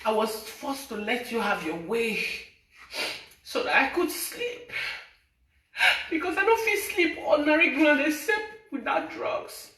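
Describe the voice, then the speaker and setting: A woman's voice: high voice, expressive, a little slow, a bit bright, recorded from a distance. Nigerian woman, emotional, echoey room. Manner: mixes Pidgin and English, pleading and accusing. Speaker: social media personality. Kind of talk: emotional personal confession to viewers.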